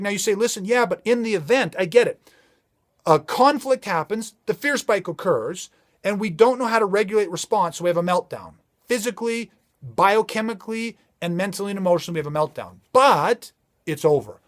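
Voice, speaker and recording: A man's voice: high voice, moderate pace. A man giving a motivational safety talk, emphatic and driving his points home with repeated rhetorical questions. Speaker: safety trainer.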